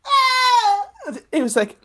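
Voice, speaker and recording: Male co-host, lively swooping pitch, sweary animated storyteller. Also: quick pace. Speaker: podcast co-host. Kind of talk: casual chat.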